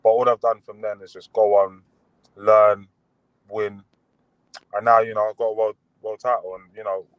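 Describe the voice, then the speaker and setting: A young man, a boxer talking casually as an interview guest over a video call, relaxed and rambling with lots of fillers and restarts. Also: lowish voice, moderate pace, pauses often, dry recording, dull audio.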